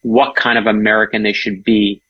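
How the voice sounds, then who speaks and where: A man's voice: fairly low pitch, level tone, slightly rough, highs cut off. A man, an author guest, telling history stories with eager asides in a casual chat. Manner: enthusiastic storyteller, quick asides.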